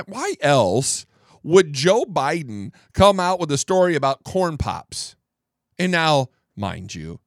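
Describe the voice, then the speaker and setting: A man hosting a podcast, giving political commentary in an incredulous, animated way and repeating words for emphasis. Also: mid-range voice, dry recording, clean studio sound. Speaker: podcast host.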